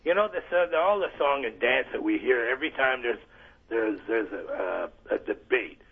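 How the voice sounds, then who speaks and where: A man's voice: mid-range voice, expressive, normal speed, husky. A man calling into a radio show, blunt and cynical, over a tinny phone line. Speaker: caller. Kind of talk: phone-in chat.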